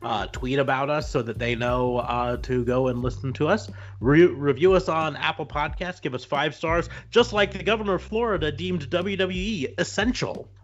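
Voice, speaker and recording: A man's voice: a little high, moderate pace, hardly any pauses, lo-fi sound. A man from Nebraska hosting a casual podcast, joking and laughing easily as he chats. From Nebraska, United States. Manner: jokey, laughs often, slips into a mock Canadian bit. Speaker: podcast host.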